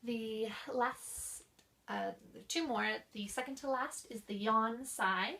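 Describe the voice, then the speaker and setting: A woman's voice: fairly high pitch, sharp tone, recorded from a distance. A young woman explaining voice therapy exercises as a class presentation, showing each one by coughing, sighing or stretching out words. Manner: demonstrates exercises with coughs, sighs and slowed speech. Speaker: student presenter.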